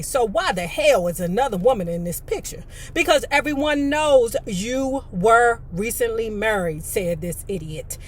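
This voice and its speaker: A woman reading a memoir aloud, breaking in with chatty, blunt asides and mild cursing. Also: a little high. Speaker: storyteller.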